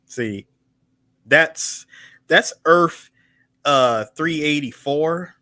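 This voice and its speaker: A podcast co-host cutting in with quick corrections. His voice is bright and somewhat high, with lively pitch. The recording is dry. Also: no room sound. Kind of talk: casual chat.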